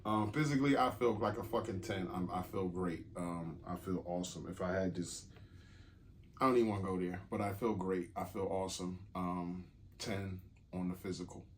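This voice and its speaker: Deep-voiced laid-back male co-host. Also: fairly even intonation, moderate pace, a little hiss or hum. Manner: laid-back, candid, joking, many "um"s. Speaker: podcast co-host. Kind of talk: casual chat.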